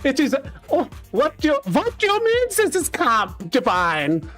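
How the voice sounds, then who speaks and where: A man putting on a camp, flamboyant German character with a mock German accent and a drawn-out, sing-song delivery. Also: very high-pitched, huge pitch swings, fairly bright tone, faint music behind, pitched above the performer's own voice, full character voice. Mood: camp, playful.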